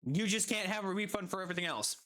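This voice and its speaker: A woman's voice: medium pitch, quick pace, lightly acted. A woman streamer quoting a firm, no-nonsense woman restaurant manager. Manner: firm and steady.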